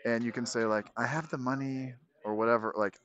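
A man's voice: mid-range voice, steady tone, fairly quick, a bit bright. A man talking casually on a live stream, loose and full of fillers as he explains an idea. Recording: slightly dull lo-fi stream audio.

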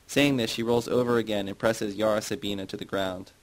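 A man reading a novel aloud in a measured, plain audiobook narration. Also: on the low side, fairly even intonation, rough recording. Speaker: audiobook reader.

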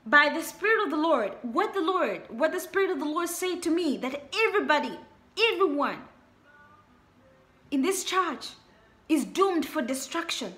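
A woman's voice: sits high, big pitch swings, moderate pace, pushed and bright, faint music behind. A young woman preaching a sermon, repeating her warnings and rhetorical questions with emphasis. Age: young adult.

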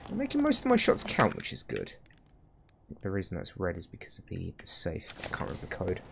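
Gravelly man streaming a game. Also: deep voice, huge pitch swings, brisk, noisy background. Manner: chatty, swears freely, talks to the game characters. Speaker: gaming streamer. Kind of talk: casual let's-play commentary.

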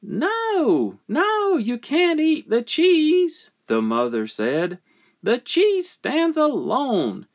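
A man puts on a firm farm mother in a storybook, scolding in a high, sing-song tone. Her words come out slow and deliberate, with a lively swing in pitch. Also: exaggerated voice.

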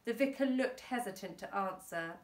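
A woman teacher reading a children's book aloud with brisk storytelling narration, recorded in an echoey room on a distant mic. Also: mid-range voice.

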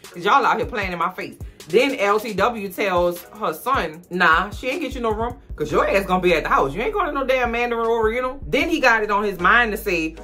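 A woman with a Southern US accent, giving sassy, animated TV recap commentary indoors with big pitch swings. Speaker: TV recap vlogger. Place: room indoors.

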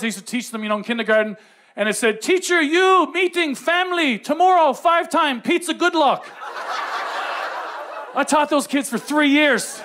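Guy doing standup, really high voice, crude and brash, faint hiss behind. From Canada. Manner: brash, profane storytelling. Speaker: stand-up comedian. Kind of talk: stand-up comedy.

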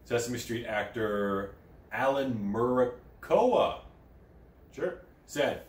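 A man hosting a crude comedy news show while high, rambling and swearing, with sudden loud outbursts. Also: expressive, slow pace. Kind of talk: crude satirical news commentary. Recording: echoey room, mic at a distance.

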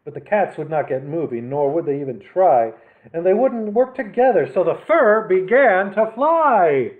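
Role: library story time host. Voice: animated man reading picture books. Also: sits high, moderate pace. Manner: warm, animated reading with friendly asides. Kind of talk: picture book read-aloud for children. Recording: lo-fi phone-like sound.

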